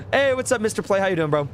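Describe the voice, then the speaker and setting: A man's voice: high voice, animated, fairly quick, a bit bright, a little hiss or hum. A young man chatting casually with viewers while streaming a game. He rambles in slang, swears often and laughs a lot.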